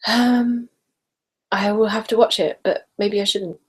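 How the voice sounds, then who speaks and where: A woman from Essex with an English accent, hosting a casual live stream. She chats and giggles while reading out viewer comments, sometimes dropping into soft whispers, and sips wine as she talks. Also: medium pitch, steady tone, measured pace, breathy edge. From Essex, England. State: sipping wine while talking. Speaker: ASMR creator hosting a live hangout.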